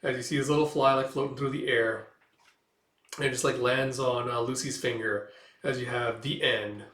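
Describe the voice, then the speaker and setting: A man's voice: mid-range voice, fairly even intonation, normal speed, fairly bright tone, reverberant. A man reading through a comic book aloud in a casual, loose way, paraphrasing the dialogue with fillers.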